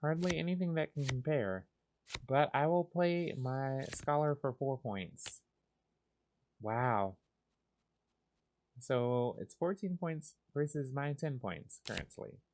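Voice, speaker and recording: A man giving calm, soft, unhurried commentary as he plays a cozy game for sleepy listeners. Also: mid-range voice, a little hiss or hum. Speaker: gaming channel host.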